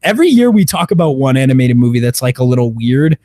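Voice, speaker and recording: A man's voice: medium pitch, big pitch swings, fast talker, warm tone. A man co-hosting a movie review podcast in casual, profane chat, joking and laughing often. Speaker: podcast co-host.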